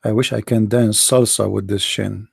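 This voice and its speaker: A man voicing awestruck male devotees who gush to each other in hushed, mock-reverent tones. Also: fairly low pitch, steady tone, moderate pace, vocal fry, husky, dry recording, clean studio sound, voice pushed down, full character voice. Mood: awed hushed.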